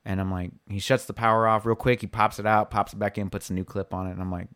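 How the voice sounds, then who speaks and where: A man's voice: on the low side, fast talker, smooth. A man chatting casually and telling a story, swearing often and acting out what other people said. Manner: swears a lot, animated storytelling with acted-out quotes. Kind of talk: casual chat.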